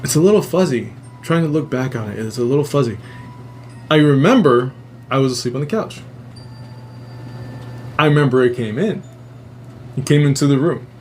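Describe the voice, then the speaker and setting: With long pauses at an otherwise normal speed, a man on a podcast tells of a weird dream, cursing freely and performing the quoted lines. His voice is mid-range, and a little hiss or hum runs through the audio.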